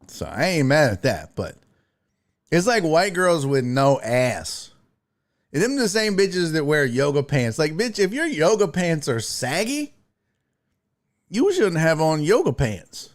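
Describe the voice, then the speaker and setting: A man hosting a casual live-stream show, riffing profanely between bursts of laughter. His voice sits a little high and swings widely up and down. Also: very animated, measured pace. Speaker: sports talk show host reading chat.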